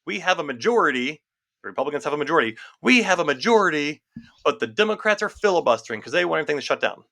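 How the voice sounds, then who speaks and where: A man talks quickly in a casual podcast chat, with a bright, forward voice that sits a little high for a man. He is animated and repeats words to drive his point home. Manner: fast, animated, repeats phrases for emphasis. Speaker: podcast co-host.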